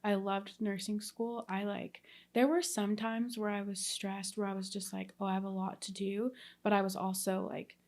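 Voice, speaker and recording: A woman's voice: medium pitch, flat delivery, normal speed, few pauses, a little mellow. A woman in her thirties from Texas, a nurse telling her story as a guest in a casual interview, talking in a chatty way with many fillers. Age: 30s.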